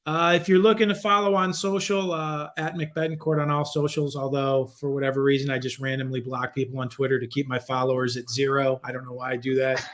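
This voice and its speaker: A man in his forties, a podcast guest, telling stories in a casual, animated, profane way. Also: fast, few pauses, a little hiss or hum. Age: 40s. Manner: animated, profane, acts out quoted voices with big pitch jumps.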